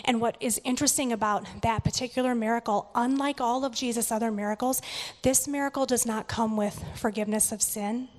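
A woman's voice: on the high side, steady tone, a little fast. Woman reading scripture in an echoing hall. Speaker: scripture reader and preacher. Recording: long hall reverb.

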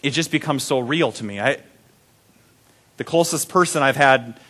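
A man's voice: medium pitch, moderate pace, fairly bright tone. A young man preaching a sermon, telling a personal story in a conversational, heartfelt way.

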